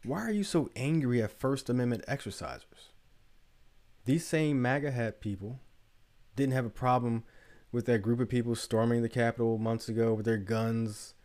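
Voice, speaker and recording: A man's voice: medium pitch, moderate pace, a little mellow. A man hosting a podcast, telling a story in a casual monologue full of rhetorical questions. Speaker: podcast host.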